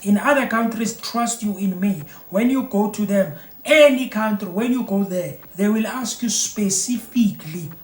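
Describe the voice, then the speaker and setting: A man's voice: high voice, moderate pace. A South African man giving opinionated commentary as a vlogger, emphatic and repeating phrases for emphasis. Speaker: vlogger reacting to news. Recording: roomy echo.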